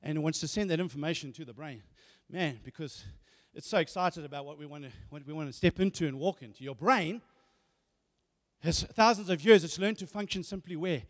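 A man preaching a sermon, animated, often repeating words and asking rhetorical questions. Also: fairly high pitch, fairly quick. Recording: hall reverb.

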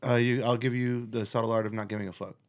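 This man hosts a casual chat, spinning an animated story packed with swearing and frequent restarts. He talks fast in a mid-range voice.

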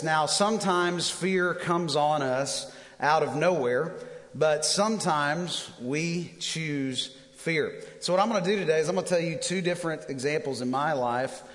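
Male pastor in his thirties, higher-pitched voice, animated storyteller, sermon in a big echoing hall. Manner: animated storyteller, self-deprecating humor. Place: church auditorium. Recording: long hall reverb.

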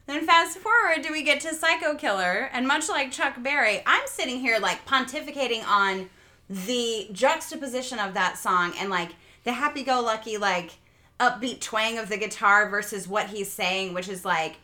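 A woman telling a chatty anecdote on a casual podcast, her voice bright and a little high. She giggles between lines and talks with lively, animated emphasis. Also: moderate pace. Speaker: podcast guest. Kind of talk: casual storytelling chat.

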